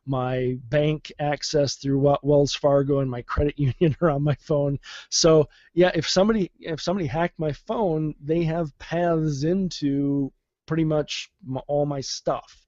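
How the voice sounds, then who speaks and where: A man's voice: fairly high pitch, fairly even intonation, a little slow, a little mellow, no room sound, highs cut off. A man co-hosting a casual tech podcast, hesitant and often restarting his sentences. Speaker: podcast co-host.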